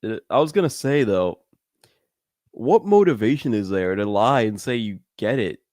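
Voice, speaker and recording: A young man co-hosting a comedy podcast in loose, casual talk, quick to swear and laugh. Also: on the low side, animated, a little mellow, no room sound, studio quality. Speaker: podcast co-host.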